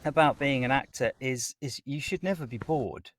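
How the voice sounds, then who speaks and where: A man speaking as a guest voice actor in a conversational interview, chatty and animated as he explains his work at length. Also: medium pitch, normal speed.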